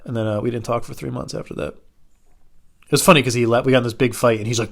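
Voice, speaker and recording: A man's voice: medium pitch, fast talker, creaky. A man telling rambling personal stories in a casual, profane, offhand way. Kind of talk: casual storytelling monologue.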